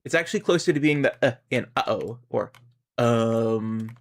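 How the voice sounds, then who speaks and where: A man's voice: medium pitch, moderate pace. A man with a Canadian accent chatting casually while streaming a game, rambling and musing aloud. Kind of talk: casual gaming stream chat.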